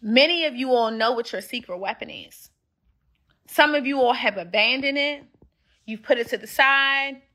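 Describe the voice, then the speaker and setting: A woman's voice: fairly high pitch, normal speed, bright, forceful tone. A woman hosting a motivational livestream, talking straight to her listeners in a preachy, repetitive way. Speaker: host of a motivational show.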